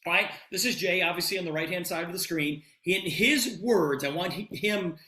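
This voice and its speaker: Fifties guy pitching over a video call, bright punchy voice, roomy echo, keeps going "i said... he goes...". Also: brisk. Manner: animated retelling, quoting dialogue with repeated "I said". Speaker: presenter of a business opportunity.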